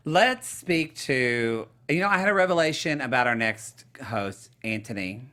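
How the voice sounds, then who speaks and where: A man from Oklahoma co-hosting an after-show, animated and teasing as he gossips about an episode. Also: medium pitch, unhurried. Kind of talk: casual chat recapping a reality episode.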